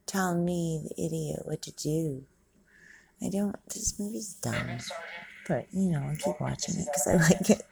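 This movie reaction vlogger has a low, creaky, warm voice and takes her time. She keeps up a chatty commentary while watching, cursing without restraint and laughing and shouting at what she sees.

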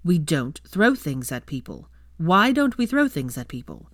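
A woman voicing a patient father who speaks firmly and measured to children. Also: deep voice, expressive, no echo, studio quality. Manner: firm and measured. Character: patient firm young dad, man.

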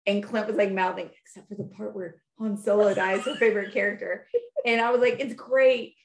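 A woman co-hosting a podcast, chatting casually and telling animated stories with lots of fillers. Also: mid-range voice, a little fast, reverberant. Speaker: podcast co-host. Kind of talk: casual chat.

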